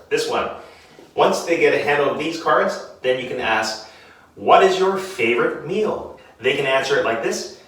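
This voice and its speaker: A male English teacher walks through a classroom lesson, drawing out each word so young learners can repeat it. He speaks at an unhurried, deliberate pace. The sound is very echoey and he is heard from some distance away from the mic. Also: mid-range voice, fairly bright tone, a little hiss or hum. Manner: slow, clear, drawn-out drilling of words.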